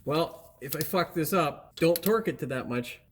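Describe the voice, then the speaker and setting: A man with a fairly high voice walks viewers through a car repair in a loose, casual way. He jokes, swears and chats to the audience as he works in a repair shop. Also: lively intonation, moderate pace, a little hiss or hum. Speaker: auto repair channel host. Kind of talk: casual how-to narration while working. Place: auto repair shop with a hoist.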